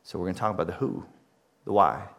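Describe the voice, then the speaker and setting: A man's voice: low-pitched, fast, gravelly, a bit bright. A male pastor preaching a sermon to his congregation, emphatic, with repeated phrases and rising questions.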